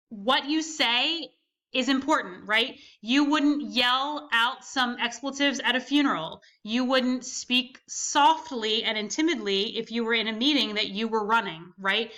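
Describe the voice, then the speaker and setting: A woman's voice: on the high side, pushed and bright. A woman instructor giving a recorded class lecture, explaining step by step and often checking in with the listener. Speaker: college instructor.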